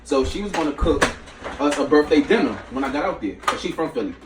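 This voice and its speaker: A man's voice: a little high, expressive, fast, recorded from a distance. Slangy New man in an echoey kitchen. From New York. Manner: slangy, chatty, jumps between recipe and stories. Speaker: cooking show host. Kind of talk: casual cooking vlog storytelling. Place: small home kitchen. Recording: echoey room, away from the mic, faint noise.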